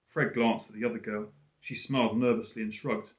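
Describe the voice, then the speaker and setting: A male teacher reading a storybook aloud in an expressive, lively way. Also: fairly low pitch, a little fast. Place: school room. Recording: roomy echo.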